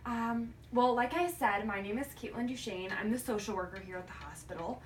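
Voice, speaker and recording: A young woman playing a hospital social worker in a practice interview, speaking gently and carefully with frequent ums. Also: on the high side, fairly quick. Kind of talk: practice interview role-play. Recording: roomy, distant mic with faint noise.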